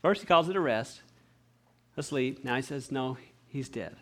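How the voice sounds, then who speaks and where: A man preaching a sermon, animated and acting out the voices of the people he quotes. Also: mid-range voice, normal speed. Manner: clears throat often.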